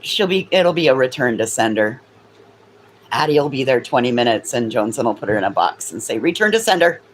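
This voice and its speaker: A woman's voice: very animated, a little fast, a little hiss or hum, low-quality recording. A woman chatting casually with viewers, swearing freely. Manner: high sing-song baby talk to her dogs. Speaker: livestream host.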